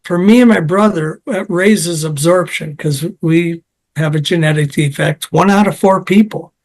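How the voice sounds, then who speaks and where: Man, health science guest, high voice, chatty and technical, runs off on tangents. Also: moderate pace, darkish tone. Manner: digressive, technical, storytelling. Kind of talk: conversational interview.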